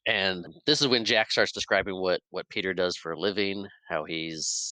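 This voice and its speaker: A man's voice: low-pitched, moderate pace, no room sound, low-quality recording. A man co-hosting a podcast, casually retelling a film's scenes and acting out the characters' lines. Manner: animated retelling, acts out character lines with laughs. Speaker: podcast co-host. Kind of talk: casual movie recap chat.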